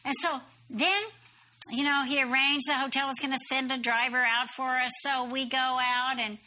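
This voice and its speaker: A woman telling a personal story on a broadcast in an animated, lively way. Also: sits high, moderate pace.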